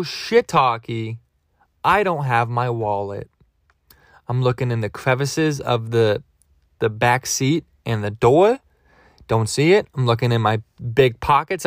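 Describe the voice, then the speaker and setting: A man's voice: mid-range voice, dry recording, studio quality. A man hosting a podcast, telling a comic story in a rambling, digressive, self-mocking way. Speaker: podcast host. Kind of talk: comedic storytelling monologue.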